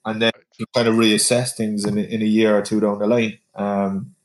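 A man's voice: lowish voice, moderate pace. Laid back guy on a podcast, roomy echoey sound. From Ireland. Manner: relaxed, easygoing, says mate often. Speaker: podcast guest. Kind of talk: casual chat. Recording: roomy echo.

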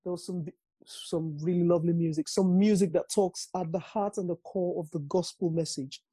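A woman's voice: fairly low pitch, steady tone, dark tone, slightly rough, no echo. A woman gospel singer chatting casually in an interview, thoughtful and trailing off as she speaks. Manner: slow, thoughtful, trails off and restarts.

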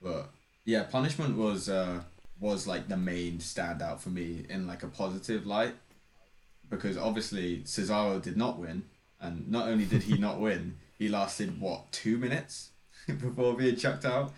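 Deep-voiced young man in an echoey room. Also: unhurried. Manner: dry, self-mocking. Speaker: podcast co-host and editor. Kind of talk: casual chat.

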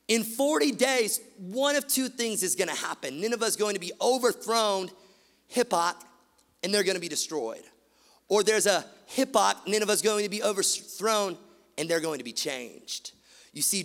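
A man preaching with a gravelly, somewhat high voice. He swings between loud, emphatic bursts and quiet, hushed stretches. His voice rings out with long reverb in a big hall. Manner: animated preaching, rising loud then dropping to hushed. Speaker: pastor. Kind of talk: sermon.

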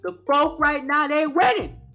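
A man's voice: very high voice, very animated, measured pace, pushed and bright, faint music behind, pitched above the performer's own voice, exaggerated voice. A man voicing an angry, betrayed longtime male fan who scolds and rants in slang. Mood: ominous. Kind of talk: reading an email aloud in character.

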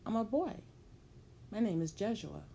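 A woman's voice: mid-range voice, sing-song, normal speed, gravelly, mellow, slight background noise, voice pushed up. A woman voicing a polite, wary seven-year-old boy in a spoken story.

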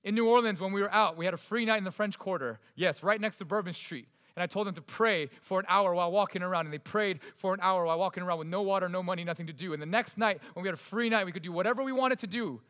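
A man preaching a sermon in a fairly high voice. He moves between forceful, raised emphasis and soft, hushed stretches. The sound carries a long reverb, as in a large hall. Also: quick pace, few pauses. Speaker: pastor.

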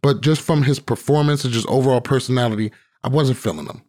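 A man's voice: mid-range voice, fast talker, darkish tone. A man hosting a podcast, ranting emphatically and swearing freely in casual chat. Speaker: podcast host.

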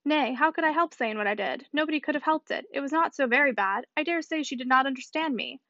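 Proud, dismissive young lady, read by a woman, quick, dull dry sound. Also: high-pitched, bright, forceful tone, no room sound. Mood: defensive. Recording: slightly muffled dry recording.

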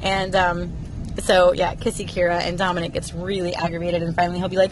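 A woman's voice: on the low side, little pitch movement, fast. A woman in her thirties chatting to her viewers in an emotional, rambling way, with sighs as she talks. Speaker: vlogger. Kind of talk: casual personal chat to viewers. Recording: clear vehicle noise behind the voice.

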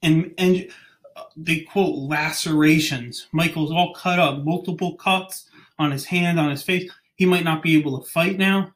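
A young man with a slightly high voice rants casually on his podcast. He rambles, restarts sentences and stumbles over names as he goes. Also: fairly even intonation, unhurried, a bit bright. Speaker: podcast host. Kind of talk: casual chat.

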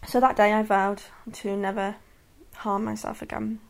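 A woman's voice: medium pitch, little pitch movement, moderate pace, creaky. A woman in her thirties speaking candidly and earnestly in a personal podcast monologue. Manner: candid and earnest, many restarts and soft laughs. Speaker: podcast host.

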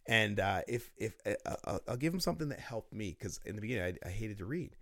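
A man talking as a guest in a casual interview, telling lively stories about business and laughing often. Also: on the low side, fast, gravelly, no echo, clean studio sound. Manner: storytelling, animated, laughs often.

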